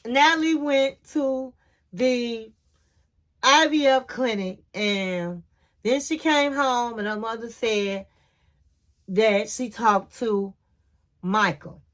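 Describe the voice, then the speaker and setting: A woman's voice: sits high, a bit bright. A woman hosting a casual reality TV recap, telling the story in a sassy, slangy way.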